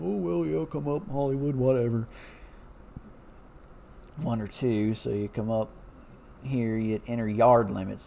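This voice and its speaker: Man, former railroad hand; gravelly low-key voice, loose rambling delivery with lots of fillers. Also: mellow, slight background noise. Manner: loose and chatty, many fillers, self-correcting. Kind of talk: casual rambling talk over a map.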